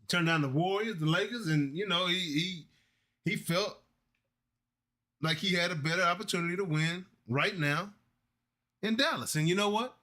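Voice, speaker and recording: A man co-hosting a casual sports talk show, talking in an excited, emphatic, folksy way. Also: sits high, moderate pace, pauses often. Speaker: co-host.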